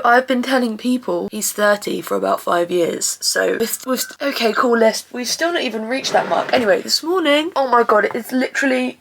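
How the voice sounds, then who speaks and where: A woman's voice: fairly high pitch, fairly bright tone, a little hiss or hum. A young woman, chatting casually to camera in a rambling, self-mocking vlog with dramatic outbursts. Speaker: vlogger.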